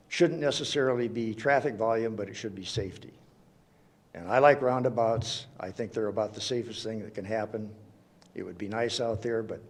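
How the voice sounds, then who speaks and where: Earnest man pleading at a podium. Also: on the low side. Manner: earnest, pleading, speaks in short halting phrases. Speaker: resident speaking at public comment. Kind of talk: public comment at a city council meeting. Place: city council chamber.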